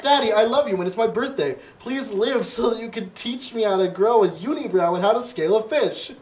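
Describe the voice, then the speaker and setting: A man's voice: sits high, fairly quick, voice pushed up, natural voice. A man voicing a whiny little boy in a sailor suit who pleads with his father. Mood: pleading.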